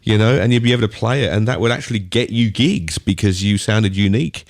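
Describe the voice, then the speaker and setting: Lowish middle-aged Australian man storytelling. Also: quick pace. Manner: rambling, animated storyteller. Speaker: guest DJ and producer. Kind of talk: podcast storytelling.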